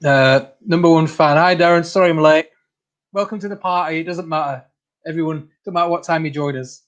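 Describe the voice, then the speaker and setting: Chatty man, slightly high voice. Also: fairly quick, dull audio. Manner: chatty, laughs often, calls viewers mate. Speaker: channel host. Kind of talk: casual livestream chat reading comments.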